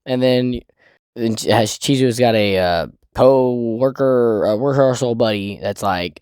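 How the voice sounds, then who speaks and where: A man's voice: medium pitch, measured pace, darkish tone, clear, resonant tone, no room sound, clean studio sound. A man casually recapping a manga chapter, rambling, cursing and laughing as he goes. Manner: rambling, profane, laughing often. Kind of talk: casual chat.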